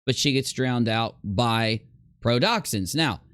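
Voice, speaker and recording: A man's voice: mid-range voice, expressive, slow pace, fairly bright tone, dry recording, clean studio sound. A man talking in a casual, rambling commentary over video clips, stressing his points emphatically. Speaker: YouTube commentator.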